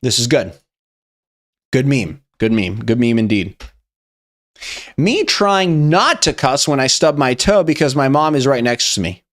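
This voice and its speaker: A man's voice: medium pitch, very animated, measured pace, pauses often, fairly bright tone. A young man hosting a meme review, talking in a casual, rambling, profane way. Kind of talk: casual commentary.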